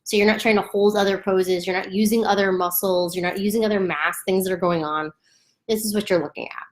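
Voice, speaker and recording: A woman's voice: mid-range voice, fairly even intonation, fairly quick. A woman teaching a chant to beginners in a casual, chatty way at home, often laughing and demonstrating the sounds. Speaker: yoga instructor. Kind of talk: casual instructional talk.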